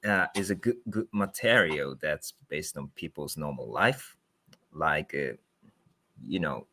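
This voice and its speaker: Male guest actor, hesitant English, very low and slow, bright tone, dry mic. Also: animated. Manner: hesitant, careful, apologetic. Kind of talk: casual chat.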